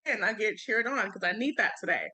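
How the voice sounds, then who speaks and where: A woman's voice: medium pitch, expressive, a little fast, bright, forceful tone, breathy edge. A young woman co-hosting a casual podcast chat, earnest and emphatic, with casual slang. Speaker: podcast co-host.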